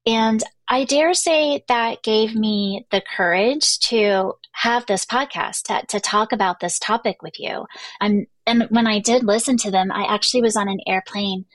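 A woman's voice: on the high side, measured pace, dry recording. A middle-aged woman hosting a podcast, telling a personal story in a chatty way, full of fillers and restarts. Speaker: podcast host. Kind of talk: casual storytelling monologue.

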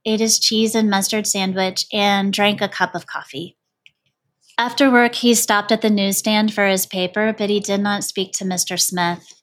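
A woman reading a children's picture book aloud in an expressive voice. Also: medium pitch. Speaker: storyteller.

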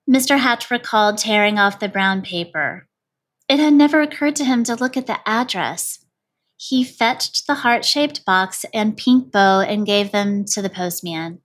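A woman reading a children's picture book aloud in an expressive voice. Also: mid-range voice, moderate pace. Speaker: storyteller.

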